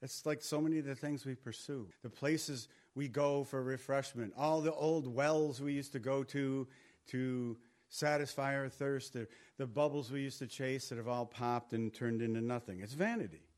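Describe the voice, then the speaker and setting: A man's voice: mid-range voice, steady tone, normal speed, a little mellow. A middle-aged male pastor preaching a sermon in a conversational way, repeating words for emphasis.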